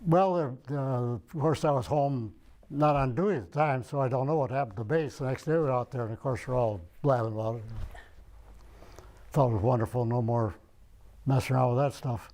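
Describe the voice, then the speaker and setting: Speaking a little fast in a medium-pitched, slightly mellow voice, an older veteran from Michigan, United States, rambles through an oral history interview. He searches his memory out loud as he talks.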